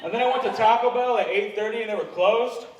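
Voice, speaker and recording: A man on a comedy club stage runs self-deprecating jokes and crowd work, laughing between lines. His voice is fairly high. The live recording is echoey, caught from afar, with clear room noise behind. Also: fast talker, far from the mic, muffled recording. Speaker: stand-up comedian. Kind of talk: stand-up set.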